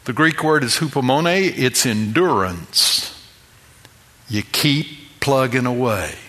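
A middle-aged male pastor preaching with a bright, forceful tone and an unhurried delivery. He drives each point home through repetition, stacking one phrase on the next. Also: medium pitch, expressive. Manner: emphatic, builds with repeated phrases. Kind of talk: sermon.

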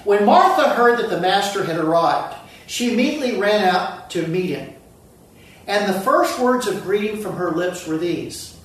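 Pastor preaching slow, repeats lines, voice swings up and down a lot, big echoey church from far off. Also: medium pitch, animated. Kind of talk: sermon.

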